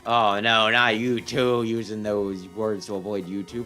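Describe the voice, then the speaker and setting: A man's voice: lowish voice, little pitch movement, unhurried, pushed and bright. A man giving casual, sarcastic commentary while playing a video game. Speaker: let's play host. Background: faint game music.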